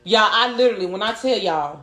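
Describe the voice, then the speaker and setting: A woman in her thirties co-hosting a podcast, chatting casually and telling animated stories with lots of swearing. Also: medium pitch, fast, soft background music. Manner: animated storytelling, swearing freely. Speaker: podcast co-host. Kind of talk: casual chat. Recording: echoey room.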